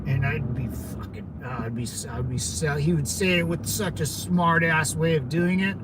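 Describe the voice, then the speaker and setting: A man's voice: on the high side, fairly even intonation, normal speed, noisy background. A man in his thirties, a Marine veteran hosting his own channel, chatting casually with lots of profanity and fillers as he drifts from topic to topic. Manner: loose, profane, digressive talk with frequent fillers. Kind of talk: rambling casual livestream chat.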